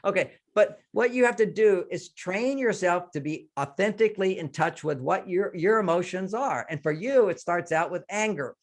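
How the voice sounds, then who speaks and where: A man's voice: high voice, normal speed, few pauses. A man being interviewed as a guest expert, talking animatedly and often acting out conversations. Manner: animated, acts out dialogues in changing voices. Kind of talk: interview answer, explaining relationship advice.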